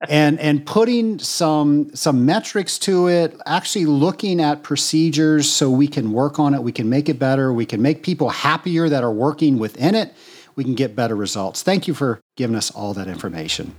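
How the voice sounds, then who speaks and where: A man's voice: on the high side, lively intonation, normal speed. A man hosting a podcast, chatting with a guest in a jokey, friendly manner. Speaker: podcast host. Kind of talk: casual interview hosting.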